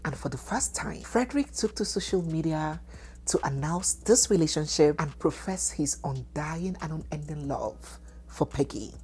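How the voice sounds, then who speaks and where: A woman narrating a dramatic documentary story, animated and dropping into hushed, whispered asides. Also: deep voice, normal speed.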